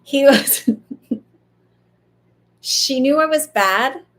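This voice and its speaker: A woman's voice: high-pitched, lively intonation, drawn-out words, fairly bright tone. A woman speaking as a psychic medium in a casual live reading, chatty and loose, full of fillers and the odd swear.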